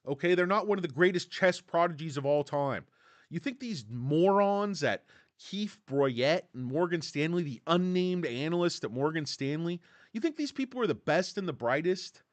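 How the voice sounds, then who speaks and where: A man's voice: a little high, normal speed, no room sound. A man hosting a casual stock livestream, ranting sarcastically about analysts and reading chat names. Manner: animated, sarcastic, mocks analysts with put-on voices. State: tired. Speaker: stock commentary livestream host.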